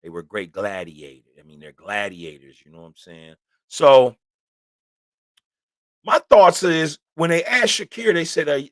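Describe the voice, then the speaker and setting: A man's voice: mid-range voice, very animated, unhurried, fairly bright tone, no echo. Casual man talking boxing, dry sound. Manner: conversational, keeps saying "you know what I'm saying". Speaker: host. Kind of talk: casual sports talk.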